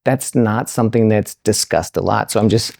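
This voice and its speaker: A man's voice: on the low side, moderate pace, gravelly, darkish tone, dry recording, clean studio sound. A male podcast host asking long, rambling questions with many restarts. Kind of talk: interview questions. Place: Las Vegas.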